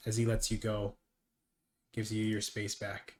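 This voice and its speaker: A man's voice: on the low side, monotone, a little slow, slight background noise. A man narrating a tabletop game as game master, describing what characters do. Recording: echoey room.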